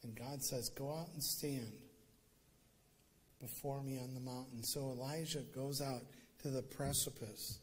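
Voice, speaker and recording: A man preaching a sermon, telling a story with lively emphasis that rises to emphatic peaks. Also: a little high, a little hiss or hum. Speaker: pastor.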